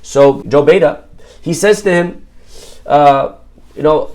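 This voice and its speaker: A man's voice: on the high side, slow, pauses often, a little mellow. A man, a rabbi giving a sermon, telling stories in a conversational way with asides and questions to his audience.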